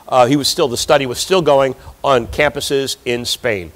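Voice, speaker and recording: A man's voice: medium pitch, steady tone, moderate pace. A man preaching a sermon, who reads scripture aloud and then explains it with rising emphasis. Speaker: pastor. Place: church sanctuary.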